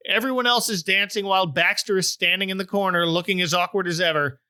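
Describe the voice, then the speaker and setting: Podcast host: middle-aged man, high bright voice, dry close mic, wry and joking. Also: fairly even intonation, fast talker, smooth, no echo. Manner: wry, joking, puts on silly voices for quotes. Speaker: podcast host recapping a TV special. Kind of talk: casual chat.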